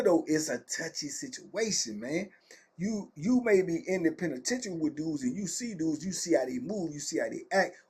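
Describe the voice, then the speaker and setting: Host type: middle-aged man, husky and high-voiced, animated slangy storyteller. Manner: animated, slangy, acts out quoted people. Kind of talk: casual prison story time.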